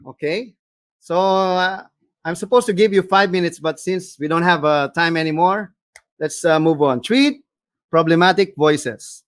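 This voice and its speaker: An animated man with a Filipino accent leads a voice workshop, switching between English and Tagalog as he explains and demonstrates. His voice sits a bit high for a man and sounds dry and close, with little room sound. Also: unhurried, dry recording. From Philippines. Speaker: voice acting coach. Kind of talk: seminar lecture.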